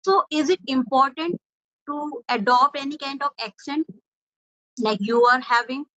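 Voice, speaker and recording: Bright high-voiced woman interviewer. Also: a little slow, no echo. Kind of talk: English-practice conversation. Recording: dull lo-fi audio.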